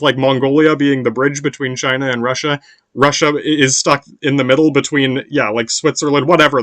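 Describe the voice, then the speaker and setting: A man hosting a podcast, rambling in a casual monologue, swearing often and filling every pause with "yeah". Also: medium pitch, bright, forceful tone, no echo. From United States. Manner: meandering, profane, constant "yeah" fillers. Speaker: podcast host.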